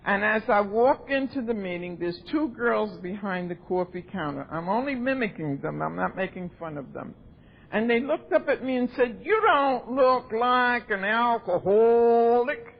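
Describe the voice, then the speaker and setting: A woman's voice: animated, normal speed, creaky. An older woman speaking at a recovery convention, telling her story with animation and acting out the voices of others, on a dull old tape. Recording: dull lo-fi tape with faint rumble.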